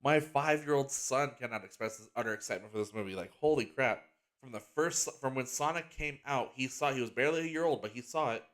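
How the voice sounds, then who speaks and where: A man's voice: medium pitch, quick pace, a bit bright. Rambling, enthusiastic male podcast host. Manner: rambling, enthusiastic, heavy use of "like" and restarts; gets emotional and earnest about a heartfelt topic. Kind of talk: casual solo podcast chat.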